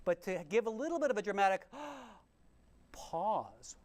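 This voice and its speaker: A man teaching a remote piano masterclass, encouraging and animated, with quick restarts and sung rhythms. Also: sits high. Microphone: remote livestream mic.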